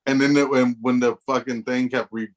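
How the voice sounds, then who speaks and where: A man's voice: medium pitch, flat delivery, fairly quick, over a noisy crowd. A man co-hosting a casual movie review chat, slangy and profane, retelling scenes with animation. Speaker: podcast co-host.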